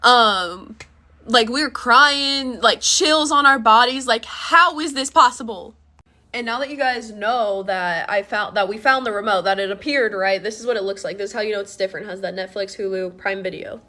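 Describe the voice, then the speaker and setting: Young woman, high bright voice, chatty, lots of fillers, swears freely, casual storytime. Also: moderate pace.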